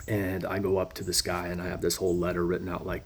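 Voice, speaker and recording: Gravelly low man telling a wild story. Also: quick pace, hardly any pauses. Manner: animated, casual, jumps between thoughts. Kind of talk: rambling personal anecdote.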